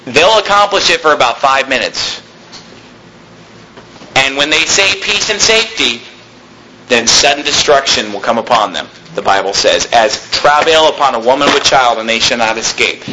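A man's voice: medium pitch, lively intonation, moderate pace, pushed and bright, slight background noise, poor audio. A man preaching a sermon as pastor, reading scripture aloud and rising sharply on his exhortations.

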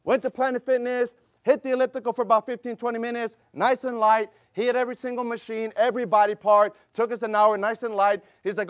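A man's voice: sits high, steady tone, brisk, no room sound, studio quality. A middle-aged man preaching as pastor, emphatic and repetitive, calling for amens and telling a family story. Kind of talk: sermon with personal story.

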